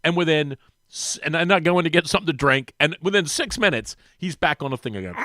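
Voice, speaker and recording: A man, a regular guest on a sports radio show, telling a long animated story and acting out the voices of the people in it. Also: quick pace, no room sound, studio quality. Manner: lively storyteller, acts out quoted voices with big pitch jumps. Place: radio studio. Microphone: studio microphone.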